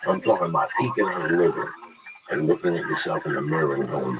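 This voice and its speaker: Gruff swearing man with low voice. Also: lively intonation, normal speed, recorded from a distance, crowd noise. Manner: blunt, swearing, storytelling with acted quotes. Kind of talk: profane motivational chat. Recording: noisy recording.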